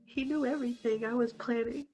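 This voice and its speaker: A woman's voice: a little high, steady tone, a little fast, mellow, breathy edge, faint music behind. A woman earnestly describing her own experience in an interview, stressing each point in a list. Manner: earnest, emphatic listing. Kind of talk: personal testimony.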